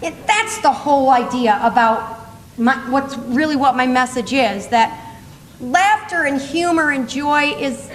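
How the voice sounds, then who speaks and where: An older woman with a high, bright-sounding voice tells funny stories to a conference audience, chuckling along the way. Her words ring through a large echoey hall, with long reverb and a faint hum of the room behind her. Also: a little slow. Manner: animated, laughing while telling stories. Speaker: motivational speaker. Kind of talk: humorous storytelling speech.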